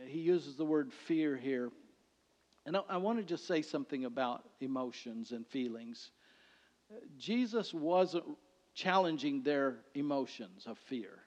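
Man preaching in an echoing hall. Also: on the high side. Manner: conversational preaching, swings between loud and hushed. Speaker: pastor. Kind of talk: sermon. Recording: dull sound with long hall reverb.

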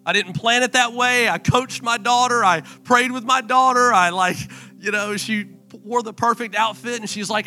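Man, pastor, sermon, high voice, bright tone, hushed to emphatic. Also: normal speed, few pauses. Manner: impassioned, swinging from hushed to emphatic. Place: church.

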